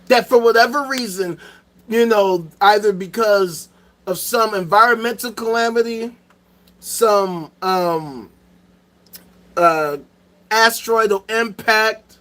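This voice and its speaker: A male host rants in a profane, animated commentary and hammers each point with repetition. His voice sits high and sounds sharp and bright. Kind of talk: ranting commentary.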